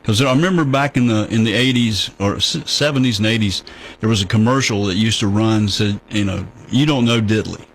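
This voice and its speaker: A man hosting a radio interview, speaking in an easygoing way, with halting restarts. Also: on the low side, a little hiss or hum, poor audio. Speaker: radio host.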